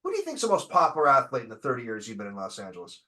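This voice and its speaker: A man's voice: medium pitch, wildly swooping pitch, rapid-fire, pushed and bright. A man hosting a podcast who chimes in eagerly with agreement and questions in casual interview chat. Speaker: podcast host.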